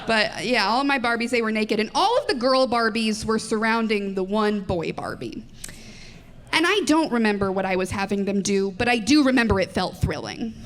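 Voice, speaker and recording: A woman in her twenties with a mid-range voice performs a live stand-up set on a comedy club stage. She talks fast in a self-deprecating way, giggles often, and banters with the audience through a handheld mic.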